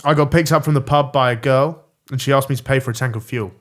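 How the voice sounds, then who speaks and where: A young man hosting a podcast, reading out listener stories with a dry, deadpan humor. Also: mid-range voice, fast talker. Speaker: podcast host.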